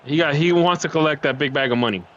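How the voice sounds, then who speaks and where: A man's voice: on the high side, quick pace, a bit bright. Soccer pod guy, kinda lo-fi mic, bit of noise. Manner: emphatic, repeats himself. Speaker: podcast co-host. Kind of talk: casual soccer chat.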